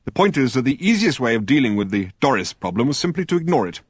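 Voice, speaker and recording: A pompous middle-aged scientist, put on by a male audiobook narrator, testy and lecturing. His voice leaps up and down in pitch with a slightly husky grain. It is recorded close and dry. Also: sing-song, fast talker, dry recording.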